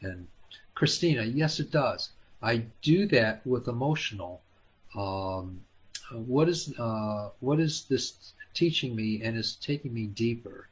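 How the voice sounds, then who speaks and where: A man hosting a live healing stream, talking gently and haltingly with many fillers, coaxing viewers by name. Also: medium pitch, lively intonation, breathy edge. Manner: coaxing, addresses viewers by name and calls them hon. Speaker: spiritual healer hosting a live Q&A.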